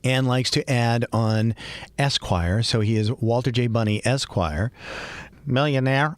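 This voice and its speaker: A middle-aged podcast host with a Boston accent tells a personal story in a casual monologue, chatting and laughing as he goes. His voice is mid-range and slow, and the recording is dry.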